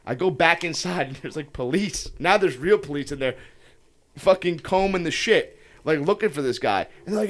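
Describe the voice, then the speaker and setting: A man's voice: on the high side, brisk. A young man with a slightly raised voice tells a wild story on a podcast. He swears constantly and gets heated as he goes, with a loose, casual delivery. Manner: profane, heated, animated storytelling.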